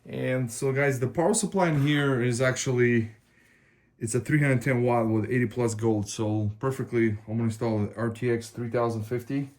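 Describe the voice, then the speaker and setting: A man's voice: mid-range voice, fairly even intonation, normal speed, a little mellow. A man casually explaining a hardware install step by step, addressing viewers as he works. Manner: explains step by step while working, talks to viewers as guys. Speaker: tech video host. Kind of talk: casual hands-on tutorial.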